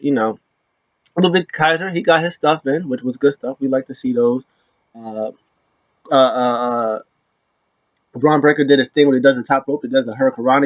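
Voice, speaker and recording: A man casually recapping a wrestling show alone, rambling with lots of fillers and slipping into high voices for quotes. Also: no room sound.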